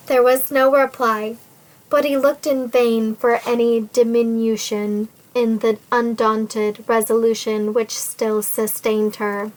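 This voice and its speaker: A woman narrating a classic novel for an audiobook. Her voice sits a little high and she reads slowly and evenly, giving each phrase room. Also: flat delivery, low-quality recording.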